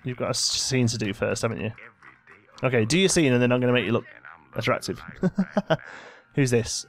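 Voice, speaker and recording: This let's play host, a young man with a mid-range voice, talks at a normal speed. In his casual commentary he orders his characters about, feigning exasperation.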